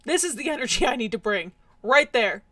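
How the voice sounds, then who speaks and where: Young female streamer, high-pitched and hoarse, ranting at chat in exasperated mock anger. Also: animated, fairly quick, a bit bright, no echo. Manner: mock-angry, exasperated, laughing rants at chat. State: hoarse, voice cracking from yelling. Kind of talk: casual live-stream chat with viewers.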